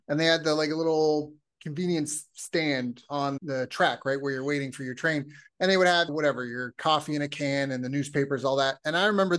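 Canadian male podcast host, high voice, animated storyteller who acts out quotes. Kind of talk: casual chat.

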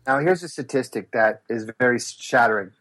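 A man, a speaker and business coach, telling animated stories in an interview and acting out the voices of others. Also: medium pitch, normal speed. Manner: acts out voices and gasps, lively and expressive. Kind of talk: animated storytelling in a podcast interview.

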